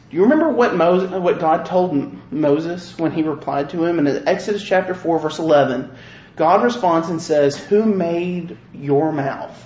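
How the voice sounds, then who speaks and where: Preacher, male, high voice, slow and earnest, rhetorical questions, roomy dull recording. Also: darkish tone. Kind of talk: sermon.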